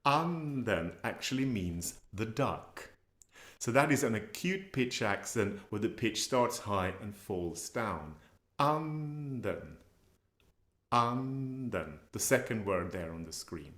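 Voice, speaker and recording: A man teaching a live class, patient and laughing often as he says words slowly for learners to repeat. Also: fairly low pitch, animated, fairly bright tone, roomy sound. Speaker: Swedish language teacher. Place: presentation room with slides.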